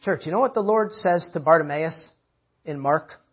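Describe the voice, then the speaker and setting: High, husky male preacher, emphatic repeats; lo-fi church recording. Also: moderate pace. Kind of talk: sermon.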